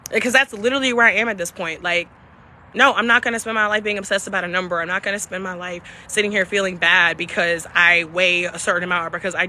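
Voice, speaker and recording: A woman's voice: medium pitch, slight background noise. A young woman hosting a live stream, talking candidly and passionately with plenty of profanity. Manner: candid and profane, emphatic, shifts between passion and softness. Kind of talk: casual live-stream talk.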